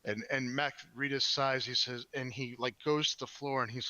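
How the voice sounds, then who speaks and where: A man's voice: mid-range voice, fairly even intonation, moderate pace, hardly any pauses, sharp tone, dry recording. A man narrating as game master in a tabletop game, rambling with many fillers and restarts. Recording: dry, dull lo-fi mic.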